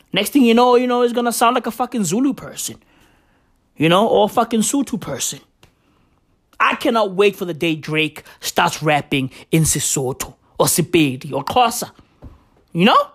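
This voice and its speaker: A woman delivering a comedic podcast rant, rambling and profane, full of slang. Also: on the high side.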